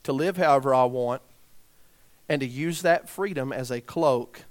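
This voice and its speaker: A man preaching a sermon, dropping to quiet, grave emphasis and rising to loud shouts as he tells a story. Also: medium pitch, unhurried.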